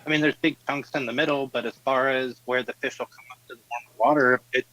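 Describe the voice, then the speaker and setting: A man's voice: medium pitch, steady tone, quick pace, pushed and bright, low-quality recording. A middle-aged man talks as a podcast guest with a mid-range voice. He chats in an easygoing way and drops dry jokes. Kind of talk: casual podcast chat.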